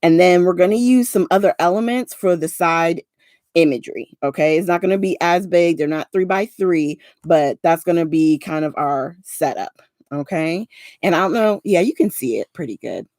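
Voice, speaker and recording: A woman in her forties from South Jersey hosts a craft livestream, rambling casually with viewers and using lots of fillers as she works. Her New Jersey accent carries a Southern twang, and her fairly low voice sounds animated and a little mellow at a normal pace. There's no echo on the recording.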